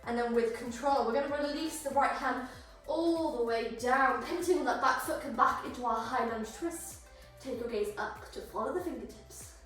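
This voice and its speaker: Woman yoga teacher, high voice, a bit breathless, encouraging cues; heard far off in a very echoey room over music. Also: normal speed, fairly bright tone. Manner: encouraging, cueing breath and poses. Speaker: yoga instructor. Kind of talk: guided yoga flow instruction.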